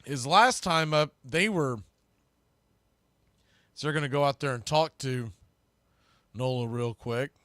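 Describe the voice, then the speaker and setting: A man calling baseball play-by-play for a live stream watch party, talking through game strategy and getting louder on the big pitches. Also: takes it slowly, long pauses, no room sound, clean studio sound. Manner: conversational, analytical, bursts louder on big pitches. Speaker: play-by-play announcer.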